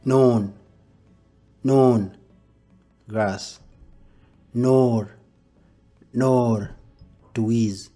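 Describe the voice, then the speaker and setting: A man with a Dinka accent giving a slow vocabulary lesson, saying each word twice and then giving its English meaning more softly. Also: medium pitch, fairly even intonation, faint music behind. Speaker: language teacher.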